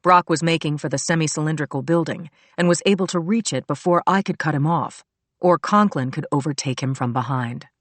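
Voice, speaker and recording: A woman's voice: sits low, brisk, no room sound. Woman narrating a thriller, dry sound. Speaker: audiobook narrator. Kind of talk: scripted narration.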